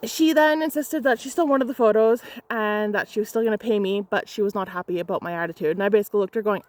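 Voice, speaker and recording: A woman's voice: medium pitch, quick pace, few pauses. A young adult woman photographer retelling a client story in an angry storytime vlog, heated, emphatic and profane.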